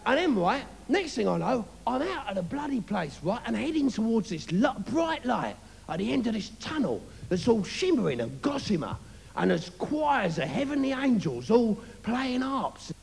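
A man's voice: very high voice, sing-song, normal speed, vocal fry, a little mellow, a little hiss or hum, exaggerated voice. A man doing a brash braggart. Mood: swaggering. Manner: brash, swaggering storytelling. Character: brash, boastful cockney working man. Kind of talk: live stand-up character comedy. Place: comedy club stage, live audience. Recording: reverberant live venue, faint ambience.

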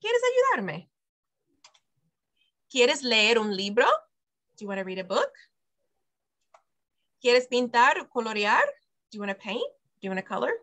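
A middle-aged woman leads an online Spanish lesson for parents, her voice bright and crisp. She explains patiently, slows down to model each word and laughs easily. The sound comes through a video call. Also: on the high side, sing-song. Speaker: preschool director teaching Spanish.

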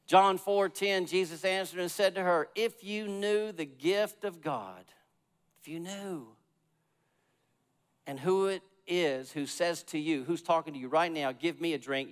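A man preaching a sermon as pastor, swinging between loud emphatic swells and quiet, low passages. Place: church sanctuary. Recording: long church reverb.

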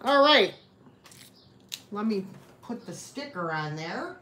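A woman's voice: medium pitch, sing-song, takes it slowly, sharp tone, a little hiss or hum. A woman hosting a live online vintage sale, chatting and greeting viewers by name as she shows each item. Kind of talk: live-stream sale chat.

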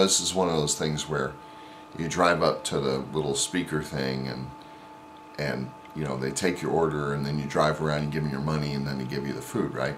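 A man's voice: very deep voice, a little hiss or hum. A man vlogger casually telling an anecdote in a rambling way, with many fillers and restarts. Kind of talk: casual storytelling.

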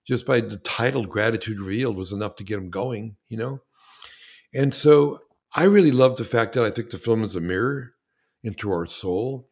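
A man who is a filmmaker guest on a podcast, speaking in a lively, enthusiastic way with frequent restarts. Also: on the low side, normal speed, husky. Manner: animated, enthusiastic, with frequent restarts and acted-out quotes. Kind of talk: casual interview conversation.

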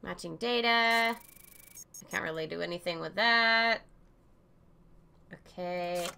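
Woman gamer commentating, bright sharp voice, swears a lot, barks orders at the game people, drawls slowly. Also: fairly low pitch, vocal fry, clear, resonant tone. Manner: swears freely, yells mock-official orders at characters; reads on-screen text aloud haltingly. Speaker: let's play gamer.

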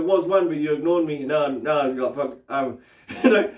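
Man, New Zealand accent, fairly high voice, meditation teacher, casual and profane, echoey room, mic set back. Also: moderate pace. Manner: loose, swears freely, frequent tag questions. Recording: roomy, distant mic.

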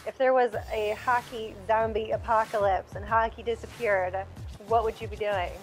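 Woman host, kinda high voice, teasing questions, bit of music underneath. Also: steady tone, rough recording. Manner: playful, joking, quick to laugh between questions. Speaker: interview host. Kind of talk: upbeat interview hosting.

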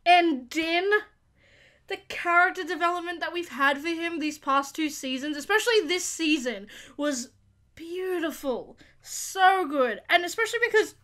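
A young woman hosting a casual review, rambling with lots of fillers and breaking into excited squeals. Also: very high-pitched, measured pace. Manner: gushing, rambling, full of fillers; bursts into squeals and laughs. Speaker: YouTube reaction host.

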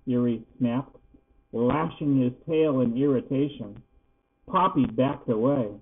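Old grandpa reading a kids book real slow, kinda husky, sounds like a phone. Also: male voice, medium pitch, phone-quality sound. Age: older. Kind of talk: storybook read-aloud.

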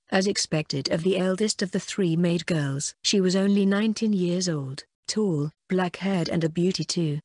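A woman narrates a first-person light novel audiobook in a fairly low voice, with a dry and wry tone. The recording is close and dead, with no room sound at all. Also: moderate pace, few pauses, a little mellow, dry recording.

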